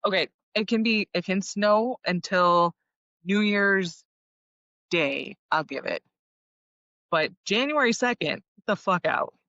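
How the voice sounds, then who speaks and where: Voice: mid-range voice, takes it slowly, bright, forceful tone. Co-host, blunt and swears a lot, dull muffled audio, no echo. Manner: wry, blunt, swears freely. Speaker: podcast co-host. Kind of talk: casual chat. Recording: dull lo-fi sound.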